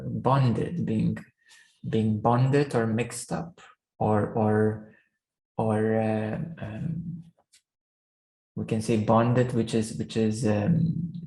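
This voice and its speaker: A man teaches meditation in a slow, unhurried way, and his voice has a gravelly, crackly edge. He halts often, repeating words and filling gaps with "um" as he works toward each thought. The sound is roomy, with noticeable echo around him. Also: fairly low pitch, darkish tone. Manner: slow, halting, many restarts and fillers. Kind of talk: spiritual teaching talk. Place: room.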